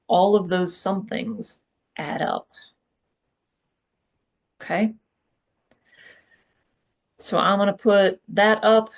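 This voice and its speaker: Gravelly-voiced speaker urging action. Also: mid-range voice. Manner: direct and urging, checks in with "right?" and "okay?". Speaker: workshop speaker. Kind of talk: live public talk.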